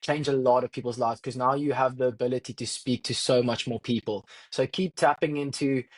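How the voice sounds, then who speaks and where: A man's voice: mid-range voice, fairly even intonation, brisk. A young man co-hosting a podcast, talking casually and earnestly, reflecting and speaking straight to listeners. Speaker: podcast co-host. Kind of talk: casual chat.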